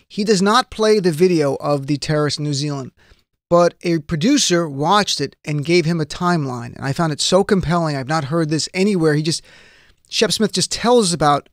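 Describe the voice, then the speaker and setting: A man hosting talk radio, his voice sitting a little high for a man. He talks in an earnest, subdued and emotional way. The studio sound is dry and close. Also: moderate pace, dry recording. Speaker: radio talk show host. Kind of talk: live radio monologue. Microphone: studio microphone.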